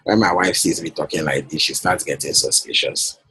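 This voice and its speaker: A man's voice: rumbling low, brisk, hardly any pauses, bright, forceful tone, breathy edge, no room sound, poor audio. A man coaching a client on a call, persuasive and often checking that she follows. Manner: persuasive, repeats himself, checks for understanding. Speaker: business coach.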